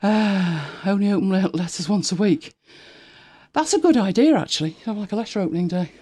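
A woman chatting casually on a live stream, laughing often and switching to a high sing-song voice when she talks to her dog. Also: lively intonation, brisk, mellow. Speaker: vlogger.

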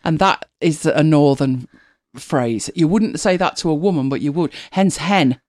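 A woman's voice: low-pitched, a little slow, a little mellow, no echo, clean studio sound. A middle-aged woman chatting casually as a podcast co-host, laughing often and telling stories with animation. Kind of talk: casual chat.

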